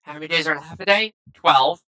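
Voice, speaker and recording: A man's voice: on the high side, fast talker, pushed and bright, no echo, rough recording. A man giving casual, rambling gameplay commentary into a headset, tacking "though" and "and stuff" onto nearly every phrase. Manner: chatty, rambling asides to viewers. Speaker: gaming video creator. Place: at home, recording at a PC. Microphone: gaming headset.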